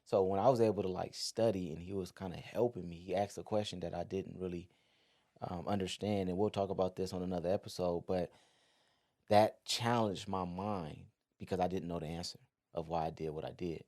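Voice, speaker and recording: A man in his thirties hosting a podcast, telling a personal story in a relaxed, conversational way, full of "like" and "you know". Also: sits low, fairly quick. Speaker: podcast host. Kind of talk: casual storytelling.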